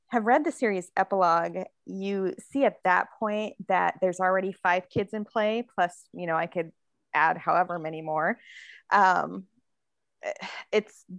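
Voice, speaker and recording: A woman's voice: medium pitch, a little slow, gravelly, dry recording. A woman author in a casual podcast interview, talking in a chatty way with many fillers and frequent laughter. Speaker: author guest.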